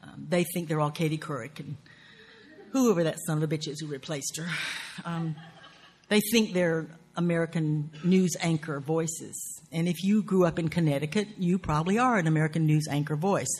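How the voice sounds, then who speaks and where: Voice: mid-range voice, moderate pace, darkish tone. A writing teacher with a Southern US accent, lecturing on craft in an earthy, profane, wry way with folksy grammar.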